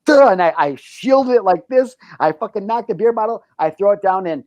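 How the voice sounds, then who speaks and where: Brief: male talk-show host, animated and profane storyteller, dry close sound. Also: high-pitched, brisk, no room sound, lo-fi sound. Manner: animated storytelling, heavy swearing. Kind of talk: casual chat.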